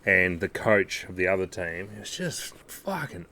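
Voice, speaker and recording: A man's voice: low voice, very animated, moderate pace, sharp tone. A man, co-hosting a podcast and telling stories bluntly with plenty of swearing. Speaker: podcast co-host. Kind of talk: casual chat.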